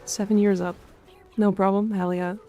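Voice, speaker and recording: A woman streamer chatting casually while gaming, crude and excitable, swearing freely. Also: mid-range voice, normal speed, faint music behind.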